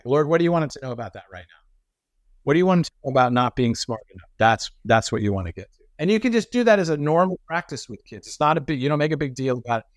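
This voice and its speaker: A middle-aged man telling stories as a podcast guest, animated and acting out the voices of people he quotes. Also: medium pitch, no room sound, studio quality. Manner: frequent restarts and repetitions. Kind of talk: conversational storytelling.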